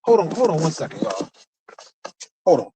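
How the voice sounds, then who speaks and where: Talking to his viewers between bouts of driving, this young streamer rambles casually from his car and swears freely. His voice is on the high side and very animated, at a normal speed with a dark tone, and there is slight background noise.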